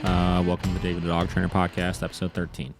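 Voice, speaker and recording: Casting: low-voiced man, relaxed podcast host, chatty, acts out the people in his stories. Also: fast talker, vocal fry, loud music behind the voice. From Ohio, USA. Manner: animated storyteller, acts out quotes. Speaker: podcast host, dog trainer. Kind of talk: casual chat.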